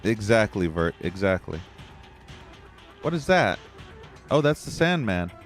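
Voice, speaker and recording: A man's voice: on the low side, big pitch swings, measured pace, soft background music. A man giving live gameplay commentary, swearing and ranting in frustration at the game. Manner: profane, ranting, easily frustrated. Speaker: gameplay streamer.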